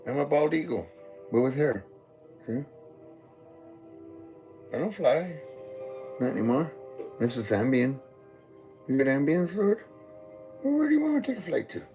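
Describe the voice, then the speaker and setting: A man high on weed, rambling goofily in a meandering monologue addressed to God. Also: big pitch swings, measured pace, pauses often, a little mellow, soft background music. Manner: goofy, meandering, talks to God. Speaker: vlogger. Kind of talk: rambling stream-of-consciousness monologue.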